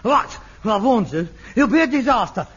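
A man, playing an exasperated son with theatrical pretensions who complains and shouts. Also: very high-pitched, big pitch swings, fairly quick, husky, muffled recording, exaggerated voice. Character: exasperated, pompous working-class son. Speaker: amateur actor.

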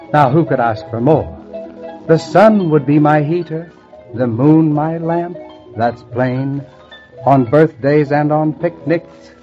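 Slow sing-song rhyming poet. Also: male voice, medium pitch, a little mellow. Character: whimsical rhyming male poet. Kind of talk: 1940s radio acting. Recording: muffled old radio recording with music.

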